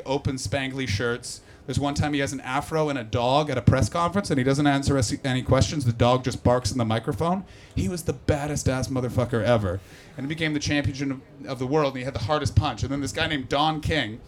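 A man performing a stand-up comedy set on stage before a live audience, profane and animated, teasing the crowd. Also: mid-range voice.

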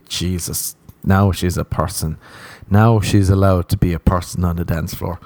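A man's voice: sits low, steady tone, normal speed, hardly any pauses, darkish tone, no room sound. An Irish man hosting a podcast, rambling through a comic monologue and swearing freely, with a self-mocking manner. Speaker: podcast host.

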